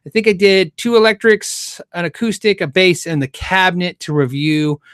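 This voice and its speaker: A man's voice: high-pitched, normal speed, fairly bright tone, smooth, no echo, studio quality. A man hosting a guitar show, answering viewer questions in a loose, rambling way, often restarting his sentences. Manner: rambling, self-correcting, chuckles often. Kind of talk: casual livestream chat.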